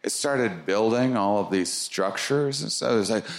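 A man doing stand-up, telling a story with lively swoops into squeaky sound effects. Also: normal speed, echoey room, background noise. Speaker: stand-up comedian. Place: comedy club stage.

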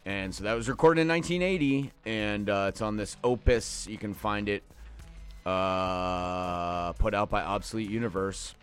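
A man's voice: on the low side, moderate pace, a bit bright, clear, resonant tone. A man hosting a radio show, talking casually and loosely about the records he just played, drifting into jokey asides. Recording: faint music behind the voice.

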